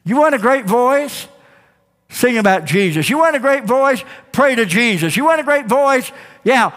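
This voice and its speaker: A male pastor preaching a sermon in a church, emphatic and rising to shouts, calling for responses from the congregation. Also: very high-pitched, expressive, moderate pace. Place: church sanctuary. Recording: long hall reverb.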